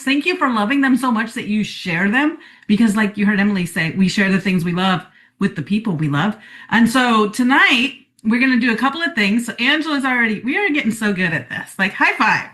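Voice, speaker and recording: Woman host, bright-toned, a touch high, gushing and upbeat. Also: animated, brisk. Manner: upbeat, effusive. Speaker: host of a coaching call. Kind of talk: live-call hosting.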